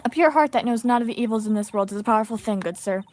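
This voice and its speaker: A woman's voice: fairly high pitch, rapid-fire, a little mellow, soft background music, close to an everyday voice. A woman voicing a stern, formal middle-aged female spirit medium who speaks stiffly and politely. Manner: stiff, formal, addresses others as good sir.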